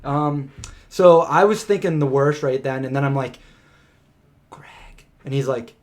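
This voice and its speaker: A man co-hosting a live question-and-answer stream, telling a story in a casual, animated way with lots of filler words. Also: mid-range voice, normal speed. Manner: animated, chatty, many "like" fillers.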